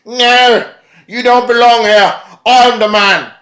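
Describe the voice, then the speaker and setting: A man imitating a cocky male wrestler who yells and brags. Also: extremely high pitch, steady tone, slow pace, roomy sound, voice pushed up, heavily acted. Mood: brash. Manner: brash, yelling.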